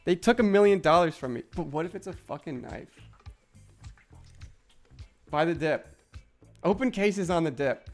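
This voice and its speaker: A man's voice: on the high side, animated, normal speed, pauses often, faint music behind. A young man streaming, ranting in frustration with heavy swearing and lots of filler words. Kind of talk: casual live-stream chat while gaming.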